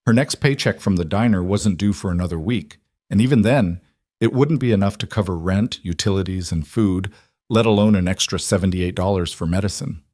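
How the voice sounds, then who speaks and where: Low-voiced man narrating a somber story. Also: a little fast, dark tone, no echo, studio quality.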